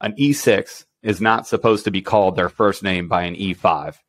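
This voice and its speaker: Blunt low-voiced military podcast man. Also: moderate pace, slight background noise. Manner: blunt, animated, acts out quoted exchanges. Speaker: podcast co-host, special warfare operations superintendent. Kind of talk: casual podcast chat.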